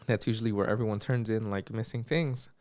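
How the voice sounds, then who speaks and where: This young co-host talks a little fast in a lowish voice while telling a story on a podcast. The chat is casual and he's lively, impersonating the people in it and swearing without holding back.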